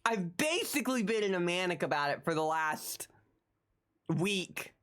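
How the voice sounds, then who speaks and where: A woman streaming live, chatting casually in an excitable, rambling way and repeating her phrases. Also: lowish voice, unhurried. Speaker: livestreamer.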